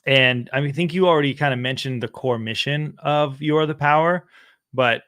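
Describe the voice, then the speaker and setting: A man's voice: a little high, normal speed, a bit bright, dry recording, clean studio sound. A young man hosting a podcast, rambling in casual interview talk with many fillers. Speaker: podcast host.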